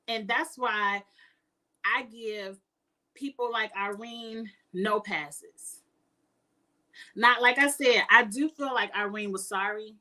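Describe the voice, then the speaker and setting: A woman's voice: medium pitch, slow pace, long pauses, bright, forceful tone. A woman giving outspoken, emphatic casual commentary as a reality TV reviewer.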